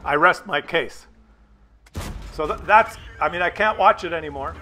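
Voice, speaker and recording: A man hosts a gaming channel with a high, keen, bright voice. He rants over gameplay in a coarse, mocking tone and drifts into parody sports commentary. A faint noise sits under the recording. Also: moderate pace. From Canada. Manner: profane, sarcastic, mock play-by-play.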